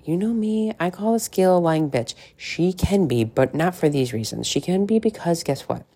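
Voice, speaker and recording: A woman's voice: on the low side, animated, moderate pace, dark tone, slightly rough. A middle-aged woman coaching on weight loss in a frank, chatty monologue, swearing freely and tossing in asides. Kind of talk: casual podcast monologue.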